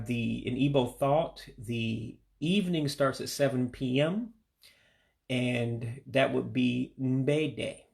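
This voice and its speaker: A man giving a home-made vocabulary lesson, patiently repeating each word slowly for practice. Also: medium pitch, creaky. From United States. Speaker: language learner teaching vocabulary.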